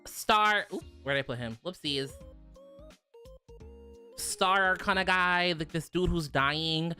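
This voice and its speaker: Young woman, casual stream chat, bright forceful voice, swears a lot, faint music underneath. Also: lowish voice. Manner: animated, profane, quick to laugh. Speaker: virtual streamer.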